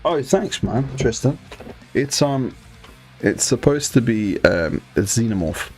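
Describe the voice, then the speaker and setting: A man hosting a relaxed livestream, chatting casually with his viewers while painting miniatures, joking and swearing freely. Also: mid-range voice, slow pace, faint music behind. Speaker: livestream host.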